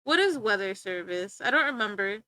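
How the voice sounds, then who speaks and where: A woman's voice: mid-range voice, animated, fairly quick, pushed and bright, no room sound. A woman live-streaming, chatting casually and teasing her viewers, rambling and often breaking off to giggle. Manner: joking, teasing banter with chat. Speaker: livestreamer.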